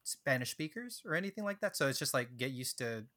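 A man's voice: medium pitch, very animated, brisk, bright, forceful tone. A man co-hosting a podcast, asking curious follow-up questions in casual chat. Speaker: podcast co-host.

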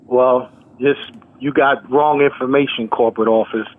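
A man's voice: medium pitch, fairly even intonation, moderate pace. An angry man on a phone call, curt and swearing. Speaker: prank call target. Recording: tinny phone line.

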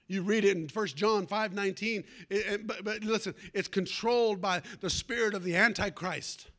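A man's voice: high-pitched, normal speed, a bit bright. A man preaching a sermon, calling out for amens and telling a folksy personal story with fervor.

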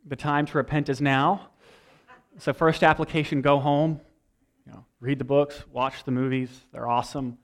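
A young adult man preaching a sermon, telling a story with lively energy and acting out lines from a movie. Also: mid-range voice, normal speed. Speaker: pastor.

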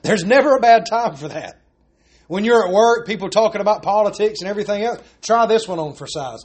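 A man's voice: sits high, animated, quick pace. A man preaching a sermon as pastor, pressing his points with repeated rhetorical questions.

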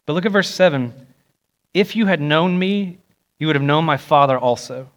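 Young male pastor, lively preacher, slightly higher voice, dramatizes quotes, church sermon. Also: moderate pace. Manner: animated, acts out quoted voices with rising pitch. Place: church sanctuary.

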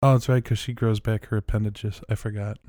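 A man's voice: lowish voice, little pitch movement, brisk, warm tone, no room sound, studio quality. A man co-hosting a podcast, trading wry, teasing banter while recapping a TV episode. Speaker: podcast co-host. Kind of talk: casual TV episode recap chat.

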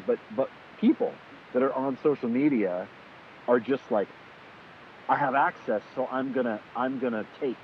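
A man in casual conversation, animated and swearing freely, acting out quoted exchanges as he tells stories. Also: mid-range voice. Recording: tinny phone-like sound with faint hiss.

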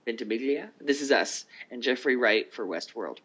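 A man co-hosting a casual podcast chat, reading down a list of nominees with quick asides. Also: medium pitch, expressive, fairly bright tone, low-quality recording. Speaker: podcast co-host.

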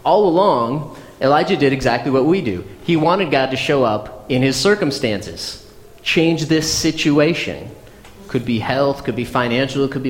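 A man's voice: mid-range voice, animated, moderate pace. A man giving a conversational sermon, reading scripture aloud and then explaining it, now and then acting out people's prayers in a mock voice. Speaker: pastor. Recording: long hall reverb, faint noise.

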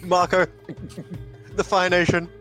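A man's voice: high voice, completely flat delivery, measured pace, a bit bright, soft background music. A man playing in a tabletop game, joking and reacting to the story. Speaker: player. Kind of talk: casual tabletop game play.

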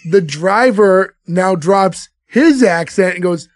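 A man's voice: high-pitched, moderate pace, no echo. A man co-hosting a casual movie podcast, retelling scenes and laughing often. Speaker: podcast co-host. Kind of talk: casual movie-review chat.

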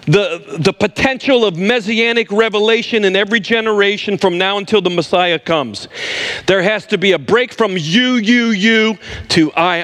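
Emphatic preacher man, higher voice. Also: fairly bright tone. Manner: emphatic, repeats words for stress, addresses listeners directly. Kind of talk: sermon.

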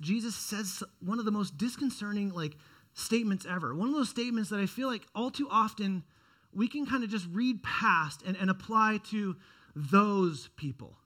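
A high-pitched young man delivers a sermon with earnest conviction. He restarts phrases often and swings between quiet, reflective stretches and louder, urgent pushes. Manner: earnest, repeats words and restarts phrases, dynamic rises and drops in loudness. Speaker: pastor.

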